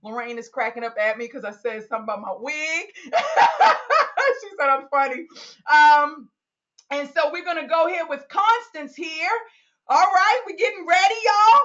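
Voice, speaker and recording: A woman's voice: high voice, moderate pace, a bit bright, lo-fi sound. A woman hosting a live Q&A call, reading out listeners' comments and cheering them on with whoops and laughter. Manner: exuberant, whoops and laughs often; hypes up listeners, calls them y'all.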